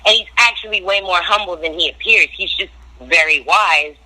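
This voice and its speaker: A woman's voice: fairly low pitch, moderate pace, pushed and bright. A woman on a phone call telling blunt, profane stories in a casual interview. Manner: brash, profane, blunt storytelling. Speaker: reality TV guest.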